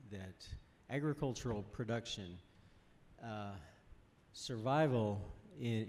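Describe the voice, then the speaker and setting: A man speaking on a workshop panel, out of breath and halting, with many restarts. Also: on the low side, a little mellow, slight background noise. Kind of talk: panel discussion.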